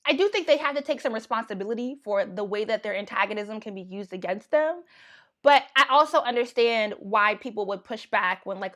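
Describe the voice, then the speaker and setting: A young American woman giving casual livestream commentary, thinking out loud with lots of fillers and restarts. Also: mid-range voice. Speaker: YouTube commentator.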